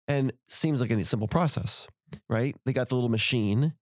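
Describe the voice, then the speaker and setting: A man's voice: medium pitch, moderate pace, darkish tone, no room sound, studio quality. A middle-aged man hosting a podcast, telling a story in casual conversation and acting out heated quotes. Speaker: podcast host.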